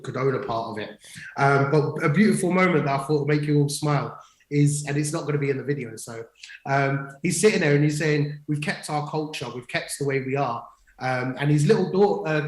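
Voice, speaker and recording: A middle-aged man, co-hosting a casual online talk show. He tells stories eagerly, restarting sentences and filling gaps with "um" and "like". His voice sits in a mid pitch and rings in a reverberant room. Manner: enthusiastic storytelling with many fillers and restarts. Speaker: co-host. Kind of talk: casual livestream chat. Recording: echoey room.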